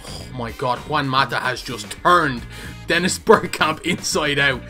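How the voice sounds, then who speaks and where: A young man giving excited football video game commentary, shouting and laughing at goals. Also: medium pitch, measured pace, soft background music. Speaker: gaming YouTuber.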